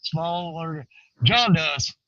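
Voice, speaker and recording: A man talking casually to viewers from a riverbank, folksy and rambling, swinging between excited and hushed. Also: sits high, no echo, highs cut off. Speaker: outdoor fishing vlogger. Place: outdoors on a riverbank.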